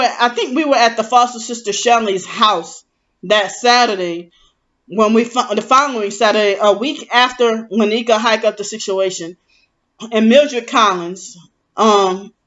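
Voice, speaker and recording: A man's voice: high voice, a bit bright. A man in an aggrieved, rambling personal monologue, often restarting and correcting himself. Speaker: vlogger. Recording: dull lo-fi recording.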